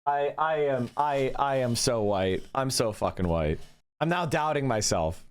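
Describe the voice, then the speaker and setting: Animated, sarcastic male streamer. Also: medium pitch, measured pace, smooth. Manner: animated, sarcastic, swears freely. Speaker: political streamer. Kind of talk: live stream commentary.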